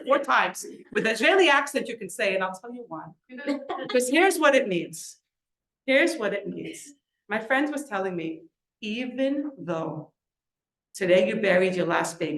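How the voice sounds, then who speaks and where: Animated middle-aged woman lecturer, roomy echo. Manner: animated storyteller, acts out quoted voices with big pitch leaps. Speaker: author and lecturer. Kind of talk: inspirational storytelling talk. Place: lecture event in a room.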